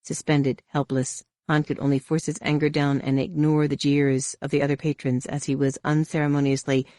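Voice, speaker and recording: Steady male audiobook narrator. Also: fairly high pitch, moderate pace, no room sound, studio quality. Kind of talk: scripted narration.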